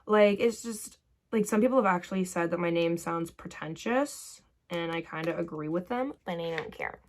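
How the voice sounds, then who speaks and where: A woman's voice: fairly low pitch, moderate pace. A young woman vlogging casually while doing her makeup at her bedroom vanity, chatty and rambling, full of "like" fillers and drifting into tangents. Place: bedroom vanity lit by a ring light.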